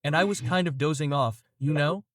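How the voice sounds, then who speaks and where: A man's voice: on the high side, a little fast, fairly bright tone, no echo, studio quality, recorded from a distance. A man, a police officer, telling casual stories from his work, tagging lines with "man" and "you know" and laughing at his own tales. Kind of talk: casual anecdotal storytelling.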